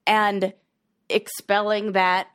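A woman's voice: mid-range voice, level tone, slow pace, fairly bright tone, smooth. A woman hosting a podcast, chatting casually and encouragingly, with frequent "like" fillers. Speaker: podcast host; therapist-like coach. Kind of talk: casual chat and read ad.

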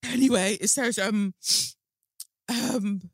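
Bright-voiced woman casually reading news. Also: low-pitched, lively intonation, normal speed, dry recording, studio quality. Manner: chatty, filler-heavy, stumbles over names while reading. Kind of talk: casual chat, reading a news story aloud.

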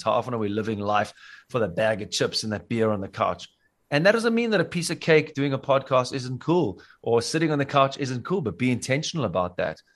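A man from South Africa with a South African accent, a podcast guest talking in a casual, earnest and rambling way. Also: medium pitch. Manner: earnest, rambling, many fillers and restarts.

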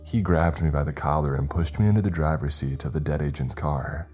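A man narrating a first-person horror story in a steady, measured, scripted delivery. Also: a bass voice, husky. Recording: faint music behind.

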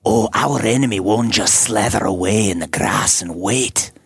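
A man's voice: lowish voice, moderate pace, breathy edge, no room sound. A man doing a grim Scottish-accented warrior. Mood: stern warning. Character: bald bearded male warrior with a sword, stern leader.

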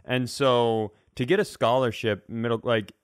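A man's voice: medium pitch, steady tone, a little slow, smooth, dry recording, studio quality. Bantering male podcast co-host. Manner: brief interjections and banter. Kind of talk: casual chat.

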